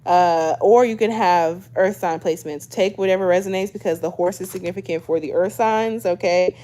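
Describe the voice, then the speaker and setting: A woman in her twenties with a lowish, dark voice does a casual tarot reading to camera at normal speed. Loose and chatty, she mixes read-aloud guidebook passages with slangy asides, tacking a questioning "okay?" onto almost every thought.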